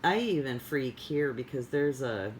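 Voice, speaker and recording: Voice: mid-range voice, lively intonation, unhurried, slight background noise, poor audio. A vlogger chatting casually in a rambling, digressive way with many fillers. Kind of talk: casual chat.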